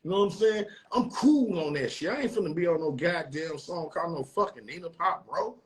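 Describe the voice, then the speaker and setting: A man with a St. Louis accent, a rapper, telling a story in a debate, profane and animated, acting out quotes loudly. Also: on the high side, a little fast, a crowd in the background.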